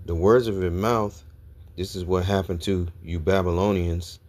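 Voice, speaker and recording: Male preacher, very low voice, reads scripture and tags nearly every point with "all right?". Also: fairly even intonation, moderate pace, a little mellow. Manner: reads scripture aloud, peppers talk with "all right?" and "okay?". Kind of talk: scripture teaching sermon.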